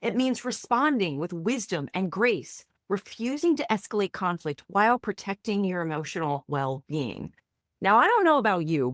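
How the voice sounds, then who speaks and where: Speaking to camera as a therapist and coach, a woman gives a faith-based lesson in a direct, encouraging, plain-spoken way. Her pitch rises and dips a lot as she stresses points. The recording is close and dry, with hardly any room sound.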